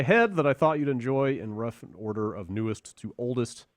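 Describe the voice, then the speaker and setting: A man's voice: mid-range voice, animated, moderate pace, few pauses. A male podcast host with a mid-range voice reads listener emails aloud in a wry, casual way. The sound is dry, close and free of room echo. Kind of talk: casual chat.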